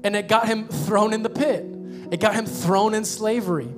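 A man's voice: high-pitched, normal speed. A man preaching a sermon as pastor, emphatic and repeating his questions for effect. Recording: guitar music behind.

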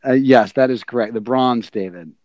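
A man hosts a casual trivia podcast, drawing out his questions with halting pauses and chuckles. His voice sits at an average pitch. The recording is dry and close. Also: a little mellow, no echo. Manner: laughing, halting, drawn-out question reading. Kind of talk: casual podcast quiz hosting.

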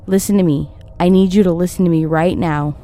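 A woman's voice: lowish voice, fairly even intonation, a little fast, mellow, close to an everyday voice. A woman reading the lines of an urgent young stranger with a thick foreign accent, pressing and insistent.

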